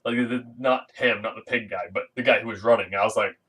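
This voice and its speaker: A man's voice: lowish voice, steady tone, fairly quick, few pauses, fairly bright tone, slightly rough, distant mic, low-quality recording. A man casually recapping a comic book issue, rambling with lots of fillers and restarts and acting out the characters' lines in silly voices. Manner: rambling, filler-heavy, acts out quotes in funny voices.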